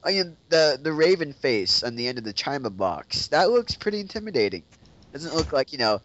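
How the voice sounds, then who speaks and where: A man's voice: fairly high pitch, very animated, fairly quick, fairly bright tone, a little hiss or hum. A man co-hosting a casual podcast who talks hesitantly, restarting his sentences and saying "like" often. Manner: hesitant, restarts a lot and leans on "like". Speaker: podcast co-host. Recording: dull lo-fi audio.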